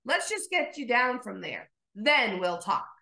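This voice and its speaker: A woman voicing God as a calm, patient, gently amused presence in a storytelling sermon. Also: on the high side, gravelly, reverberant, exaggerated voice. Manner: calm, reassuring, unhurried.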